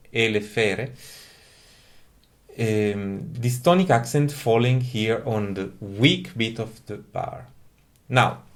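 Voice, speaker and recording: A man giving a careful, methodical lecture on music, explaining each point step by step. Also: medium pitch.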